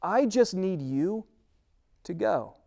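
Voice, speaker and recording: A man voicing God as calm and patient, speaking slowly, softly and reassuringly in a sermon. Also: sits high, gravelly, pitched above the performer's own voice, exaggerated voice. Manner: slow, soft, reassuring. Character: calm patient God, deep-voiced and unhurried. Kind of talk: sermon retelling with character voices.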